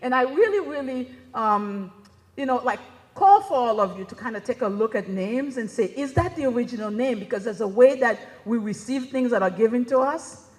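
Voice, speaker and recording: A woman's voice: a little high, animated, moderate pace. Chatty woman presenting in a reverberant hall. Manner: conversational, keeps asking "right?". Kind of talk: conference presentation.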